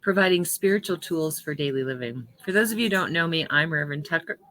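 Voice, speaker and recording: A low-pitched woman minister with a bright, clear edge to her voice gives chatty welcome announcements. She introduces her team with easy asides and laughs often. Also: lively intonation, fast. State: hiccups. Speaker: senior minister.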